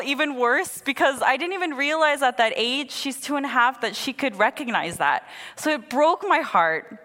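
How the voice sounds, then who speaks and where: A woman's voice: sits high, moderate pace. Woman preaching in a reverberant hall. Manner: conversational, candid, animated storytelling. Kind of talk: sermon with opening prayer.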